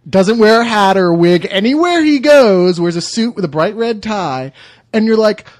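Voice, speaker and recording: Podcast co-host, man, high and very lively voice, sarcastic movie-review banter. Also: normal speed. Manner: animated, sarcastic, builds up jokes step by step.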